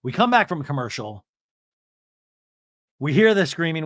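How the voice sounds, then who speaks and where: Animated, snarky podcast host, lively voice. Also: male voice, a little high, normal speed, dry recording, clean studio sound. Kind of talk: comedic TV recap.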